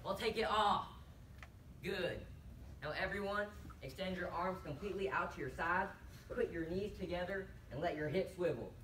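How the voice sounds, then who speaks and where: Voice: mid-range voice, normal speed, natural voice. A performer voicing a pompous restaurant host with a Southern accent who fakes foreign airs, grandiose and commanding. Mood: grand. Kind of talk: competitive humorous interpretation. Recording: roomy, distant, noisy tournament room.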